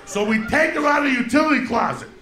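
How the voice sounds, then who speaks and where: A gravelly, fairly high-voiced man rattles off a foul-mouthed stand-up tale, often breaking into shouts. He plays a roomy venue, with loud audience laughter rolling under him. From New Jersey. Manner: profane, shouting, rapid-fire storytelling. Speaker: stand-up comedian. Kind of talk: stand-up storytelling. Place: comedy stage before a live audience.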